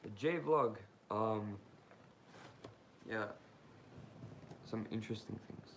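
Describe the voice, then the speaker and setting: Young male streamer, lowish gravelly voice, loose rambling chat full of fillers, talks straight to his viewers. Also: slow pace, background noise. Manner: rambling and informal, with frequent fillers; talks straight to viewers, asking them questions. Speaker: YouTuber hosting a live Q&A. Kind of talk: casual livestream chat, answering viewer comments.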